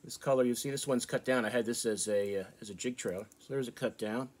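An American man from the northeastern United States, hosting a fishing channel, casually showing off soft plastic baits in a relaxed, chatty way with fillers. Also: mid-range voice, fast. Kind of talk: casual product show-and-tell.

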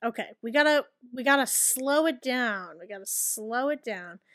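A woman hosting a gaming video, giving casual gameplay commentary, excitable, swearing and yelling at the game. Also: on the high side, normal speed.

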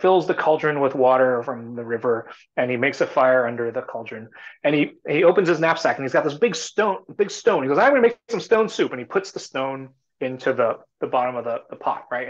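A man's voice: mid-range voice, fairly quick. A man talking as a startup CEO guest in a casual live talk, rambling and full of fillers and restarts. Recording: muffled lo-fi audio.

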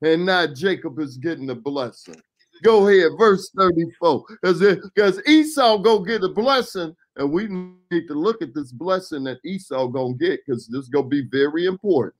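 High-voiced man hosting a folksy Bible talk. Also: lively intonation, moderate pace. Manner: folksy, chiming in to prompt the reader. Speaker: radio show host leading Bible reading. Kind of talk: casual Bible commentary. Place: radio studio.

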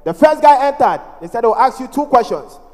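High-voiced Ghanaian man doing stand-up. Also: a little fast. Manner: animated, mimics voices, playful pidgin-flavored delivery. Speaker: stand-up comedian. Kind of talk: stand-up comedy storytelling. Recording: long reverb of a large hall.

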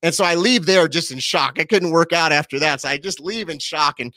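Animated man in his forties, dry sound. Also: on the high side, no echo. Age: 40s. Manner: animated storyteller, quick asides, laughs easily. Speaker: pastor, guest. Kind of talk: personal testimony in an interview.

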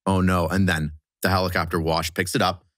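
A man's voice: sits low, little pitch movement, brisk, noisy background. A man guesting on a podcast, telling a crude, jokey war story in casual chat.

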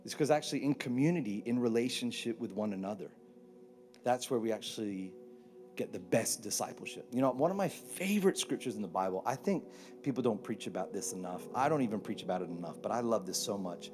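Animated pastor preaching. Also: male voice, lowish voice, fairly quick, soft background music. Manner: animated, joking, acts out quotes in put-on voices. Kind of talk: sermon. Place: church stage.

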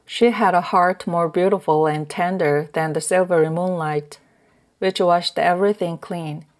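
A woman narrating a translated novel as an audiobook in a measured reading. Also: fairly low pitch, steady tone. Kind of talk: scripted narration.

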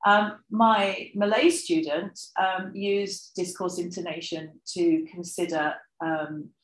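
A woman with a fairly low voice gives an academic talk in a roomy, echoing lecture hall. She speaks in a lively, animated way, with plenty of fillers and asides, and brings her research examples to life with playful swoops of intonation. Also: takes it slowly. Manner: acts out intonation examples with expressive pitch. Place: lecture room.

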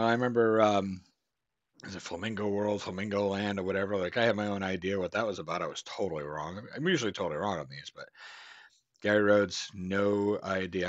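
A man's voice: fairly low pitch, dry recording. A man from the United States hosting a reaction video, rambling loosely and swearing in jest. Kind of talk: casual reaction commentary. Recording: dry, slightly dull home mic sound.

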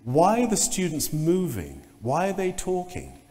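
A man voicing a stern, disapproving female director of studies with an Italian accent, scolding in slow, clipped words. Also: a little high, huge pitch swings, a little mellow, pitched above the performer's own voice. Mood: suspicious. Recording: long reverb of a lecture hall.

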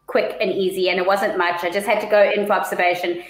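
A woman co-hosting a casual live-stream chat, telling stories in an animated, dramatic way. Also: medium pitch, quick pace. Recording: echoey room.

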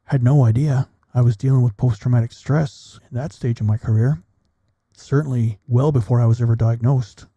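A middle-aged military veteran guesting on a podcast tells a personal story bluntly, swearing plenty, in a measured delivery. His voice is medium-pitched and dark with fairly even intonation, recorded with no room sound and the highs cut off.

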